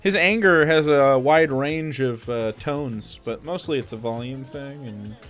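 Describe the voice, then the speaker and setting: A man streaming live, chatting casually and breaking into excited shouts. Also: mid-range voice, a little slow, faint music behind. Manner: excitable, swings into loud shouts.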